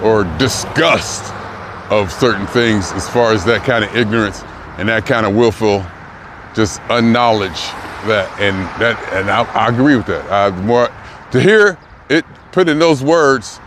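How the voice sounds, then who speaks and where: A man in his sixties rambles emphatically in a casual vlog outdoors near a car rental lot, repeating himself as he reflects aloud. His voice is lowish and unhurried, and the noisy street recording picks up traffic and city sounds.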